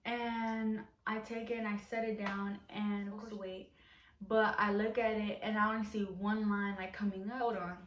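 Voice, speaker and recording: A woman's voice: medium pitch, level tone, moderate pace, recorded from a distance, a little hiss or hum. Young woman rambling in an echoey room. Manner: rambling, many fillers. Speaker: vlogger. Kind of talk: casual storytime. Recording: roomy echo, off from mic.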